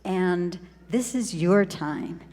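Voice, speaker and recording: A woman superintendent giving a graduation speech, warm and encouraging, with deliberate pauses. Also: on the low side. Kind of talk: ceremonial speech. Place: large hall at a graduation ceremony. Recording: long hall reverb.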